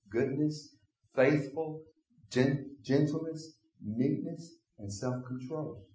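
A man's voice: fairly high pitch, reverberant. A man preaching a sermon as pastor, acting out imagined conversations with his congregation. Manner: acts out imagined dialogues with congregation.

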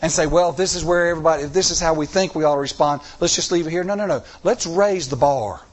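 A man's voice: fairly high pitch, fast talker. A middle-aged man preaching a sermon, telling stories with acted-out dialogue and repeating phrases for emphasis. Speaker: church elder preaching.

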